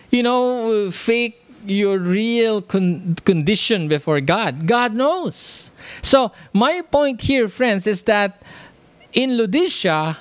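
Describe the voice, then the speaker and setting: A preacher delivering a sermon, reading scripture verses slowly and with lifted emphasis, then explaining them with rhetorical questions and asides to the congregation. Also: medium pitch.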